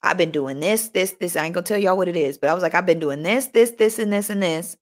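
A young woman hosting a motivational live chat, animated and talking straight to her listeners, often repeating herself. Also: fairly low pitch, fast talker. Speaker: host.

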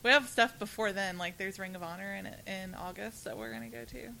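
A woman's voice: mid-range voice, steady tone, brisk, vocal fry, bright, forceful tone, slight background noise, rough recording. A young woman with a slight lisp, co-hosting a casual podcast chat and talking with lots of "like" fillers. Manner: chatty, many "like" fillers, laughs often. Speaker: podcast co-host.

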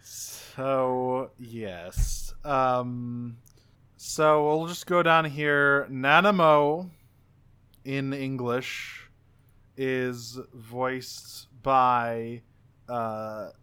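A man's voice: medium pitch, fairly even intonation, extremely slow, sharp tone, clean tone. A man co-hosting a casual podcast, reading off voice cast credits with dry asides. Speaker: podcast co-host. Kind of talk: casual chat about game voice actors.

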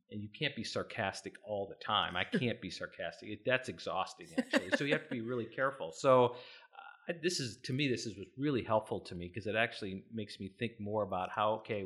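A man's voice: fairly low pitch, fairly bright tone. A man co-hosting a podcast, talking casually and self-deprecatingly, with frequent restarts. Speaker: podcast co-host.

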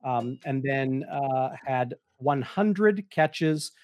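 A man co-hosting a sports talk show, going through player numbers in a measured, steady way. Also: mid-range voice, no echo, clean studio sound. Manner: measured, steady, fills with "uh" and "you know". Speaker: podcast co-host, analyst. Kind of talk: casual sports analysis.

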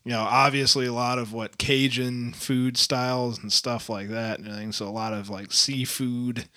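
A man's voice: medium pitch, steady tone, moderate pace, sharp tone. A man co-hosting a casual podcast chat over beers, joking, laughing often and rambling with lots of fillers. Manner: laughs a lot, jokey, rambling with many fillers. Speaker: podcast co-host.

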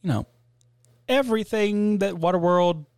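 A man's voice: high voice, moderate pace, a little mellow, clear, resonant tone. A man co-hosting a podcast, chatting loosely with swearing and laughter. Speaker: podcast co-host. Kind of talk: casual chat.

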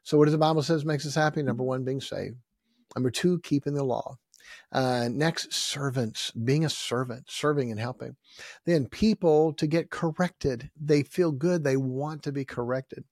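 A man's voice: mid-range voice, moderate pace, darkish tone, no room sound, studio quality. A man preaching as a pastor in a folksy, repetitive style, with sudden emphatic bursts. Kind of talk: sermon.

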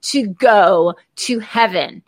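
A woman's voice: medium pitch, slow, no echo. A woman hosting a casual interview, speaking earnestly and weaving in scripture. She often uses "like" as a filler. Her voice sounds dry and close. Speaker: interview host.

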